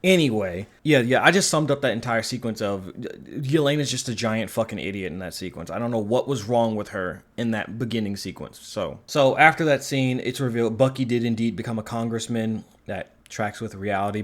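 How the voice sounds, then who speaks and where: A man's voice: fairly low pitch, expressive, moderate pace, hardly any pauses. A man giving a casual spoken film review, rambling and sarcastic, swearing casually. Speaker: movie reviewer.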